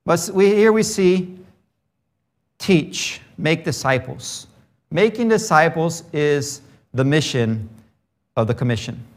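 A man who grew up in Brazil delivers a sermon in a fairly high voice. He tells a story in an easy way, then preaches with growing emphasis. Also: lively intonation, slow pace, pauses often.

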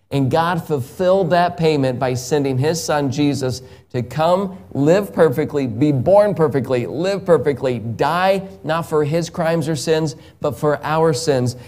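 Male evangelist, one-on-one gospel talk; slow, emphatic delivery with frequent chuckles. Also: on the high side, a little mellow.

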